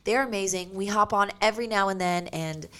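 A woman's voice: mid-range voice, a little fast, fairly bright tone, clear, resonant tone. A woman co-hosting a podcast in a studio, chatting casually in an upbeat, bantering way. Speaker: podcast co-host. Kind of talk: casual chat.

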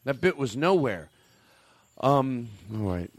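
A man's voice: medium pitch, sing-song, takes it slowly. A man hosting a comedy podcast, chatting casually and rambling through self-corrections. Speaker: podcast host.

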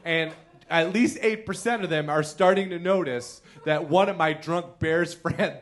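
A man's voice: on the high side, measured pace. A man from the Chicago area telling comic stories as a podcast guest, laughing often and running self-deprecating. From Chicago area, Illinois. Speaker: comedian guest. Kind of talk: live podcast storytelling. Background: loud noises from a neighboring bowling alley.

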